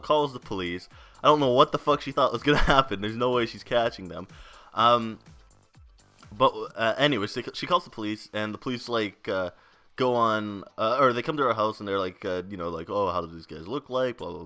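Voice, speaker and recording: A young man with a lowish voice and a bright, forceful edge tells a story as a gaming channel host. He rambles along in casual, profane chat and laughs often. Faint music plays underneath. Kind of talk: casual storytelling over gameplay.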